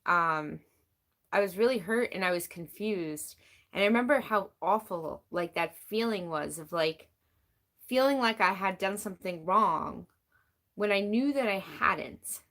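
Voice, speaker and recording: A woman's voice: medium pitch, animated, unhurried, fairly bright tone. A woman talking casually on a live stream, candid and rambling, full of "like", answering chat as she goes. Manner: candid, rambling, heavy use of "like"; reads and answers chat comments.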